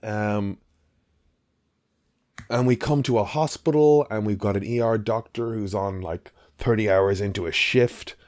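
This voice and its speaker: A man's voice: fairly low pitch, measured pace, a little mellow, no room sound, clean studio sound. A man co-hosting a podcast, chatting casually about a film in a rambling, emphatic way with the odd swear. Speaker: podcast co-host. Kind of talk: casual film review chat.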